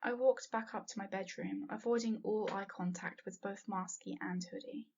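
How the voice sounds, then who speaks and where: A woman's voice: mid-range voice, fairly even intonation, moderate pace, a little mellow, a little hiss or hum. A woman reading a first-person fanfiction story aloud, earnest and sometimes dropping to a whisper. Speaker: fanfiction reader. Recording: dull lo-fi home recording.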